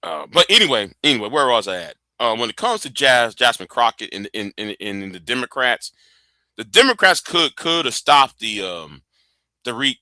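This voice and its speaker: A man's voice: mid-range voice, bright, forceful tone, dry recording. A middle-aged man, hosting a casual political livestream and rambling through stammers and restarts. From Texas. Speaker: livestream host.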